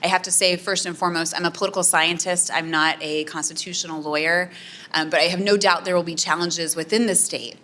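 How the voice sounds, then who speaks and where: A woman's voice: lowish voice, fairly even intonation, brisk, sharp tone. A woman political scientist answering audience questions at a community meeting, explaining earnestly with frequent "um" and "right?". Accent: American Midwestern. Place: community center meeting room.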